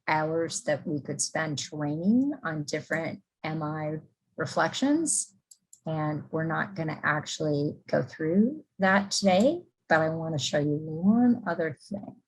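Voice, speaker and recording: A middle-aged woman, a psychology professor, leads a conversational workshop lecture. She explains patiently, often pausing with ums and starting sentences over. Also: low voice, breathy edge, low-quality recording.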